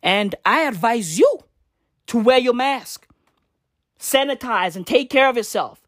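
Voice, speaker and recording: A woman's voice: on the high side, animated, a little slow, no room sound, clean studio sound. Slangy, profane woman ranting. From South Africa. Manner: slangy, profane, repeats tag questions. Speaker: vlogger. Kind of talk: ranting commentary to camera.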